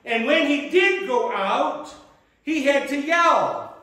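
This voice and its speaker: A man's voice: very high voice, expressive, slow pace, sharp tone. A male pastor preaching a sermon, retelling a scripture story in a dramatic storytelling manner. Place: church sanctuary. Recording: echoey church hall.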